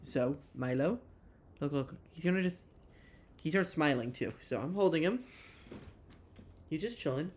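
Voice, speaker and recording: Lively, playful young man on a livestream. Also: unhurried, pauses often, slight background noise. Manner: playful, rambling, coos at his dog in a high voice. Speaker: livestream host. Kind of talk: casual livestream chat. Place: at home.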